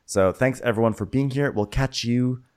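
A man's voice: mid-range voice, normal speed, a little mellow, clean tone. A man co-hosting a podcast, recapping a show in casual chat, with lots of fillers and frequent laughs. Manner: laughing often, filler-heavy storytelling. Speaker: podcast co-host.

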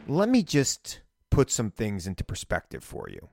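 A man's voice: lowish voice, huge pitch swings, moderate pace, creaky, darkish tone, no echo, clean studio sound, soft background music. A male podcast host with a light Long Island accent, talking politics in a blunt, conversational way with wry asides. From Long Island, New York.

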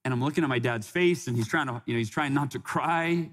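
A man's voice: mid-range voice, fast, a bit bright. Earnest man telling a personal story. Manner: earnest, with frequent restarts and quoted dialogue. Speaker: podcast guest.

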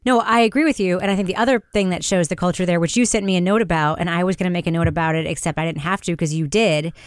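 A woman hosting a podcast discussion, talking in a chatty, quick way and laughing often. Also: lowish voice, fairly even intonation, smooth, dry recording, studio quality. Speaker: podcast host.

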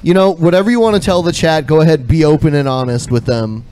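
A man's voice: fairly high pitch, quick pace, dark tone, clear, resonant tone. A man hosting a podcast, upbeat and steering the show and the live chat. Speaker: podcast host. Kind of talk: casual chat.

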